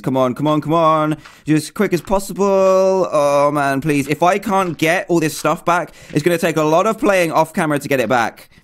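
Excitable young man panicking over his game. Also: medium pitch. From England. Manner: excitable, panicky, talks to himself nonstop. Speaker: gaming YouTuber. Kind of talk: let's play commentary.

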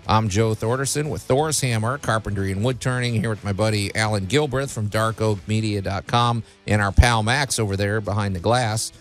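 A man's voice: lowish voice, moderate pace, few pauses, soft background music. A man hosting a casual radio talk show, rambling with many fillers and restarts.

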